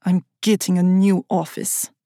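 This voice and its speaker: A woman voicing a curt, touchy man with a Russian accent in an audiobook, speaking in clipped, slow, deliberate lines. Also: on the low side, little pitch movement, mellow, no echo, studio quality. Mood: sulky. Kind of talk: audiobook character voice.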